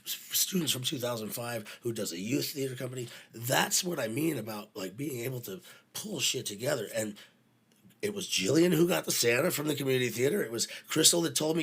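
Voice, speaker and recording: A production manager chatting casually, bluntly retelling a work story, swearing freely and playing both sides of each conversation. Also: male voice, medium pitch, a little fast, fairly bright tone, husky.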